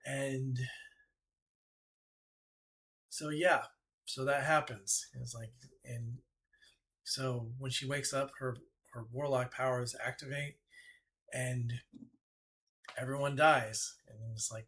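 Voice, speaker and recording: A man, an author, casually retelling a story, halting and repeating himself with many fillers. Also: medium pitch, steady tone, a bit bright.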